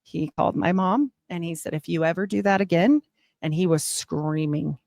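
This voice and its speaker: A middle-aged woman giving a personal testimony as a guest, rambling and animated, with laughs and asides. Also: on the low side, normal speed, gravelly, no room sound, clean studio sound.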